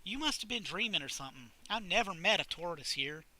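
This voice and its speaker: A man voicing a motherly female dog who talks briskly and dismissively. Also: high voice, expressive, pushed and bright, exaggerated voice.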